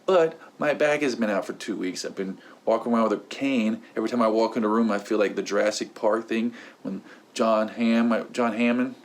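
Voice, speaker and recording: A man's voice: fairly low pitch, fairly quick. A young man hosting his own channel, telling a long rambling story in a casual unboxing vlog. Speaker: host.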